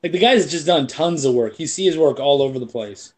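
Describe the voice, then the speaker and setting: A comic book creator chatting casually, an animated storyteller who swears freely. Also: male voice, a little high, brisk. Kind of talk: casual chat.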